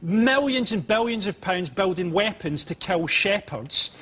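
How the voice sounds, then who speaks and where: A man on a comedy panel making quick, sardonic asides. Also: high voice, expressive, a bit bright, breathy edge. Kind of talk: comic panel banter. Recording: TV studio with audience laughter.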